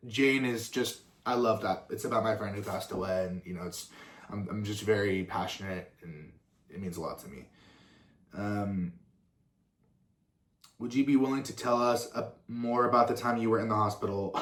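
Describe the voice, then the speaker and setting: A man's voice: mid-range voice, fairly bright tone. Rambling young man in a roomy space. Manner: rambling and swearing, full of fillers and tangents. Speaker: musician and content creator. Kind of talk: casual Q&A chat. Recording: roomy echo.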